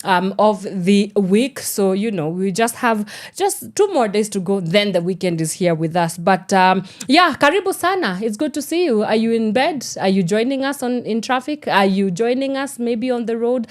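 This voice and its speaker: A woman's voice: mid-range voice, moderate pace. Chatty Kenyan woman radio host. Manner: chatty, mixes in Swahili phrases. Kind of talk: morning radio show chat. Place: radio studio.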